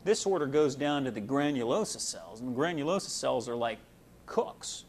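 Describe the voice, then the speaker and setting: A man's voice: medium pitch, lively intonation, moderate pace, slight background noise. A man giving a casual medical lecture, folksy and full of fillers, explaining with homely analogies.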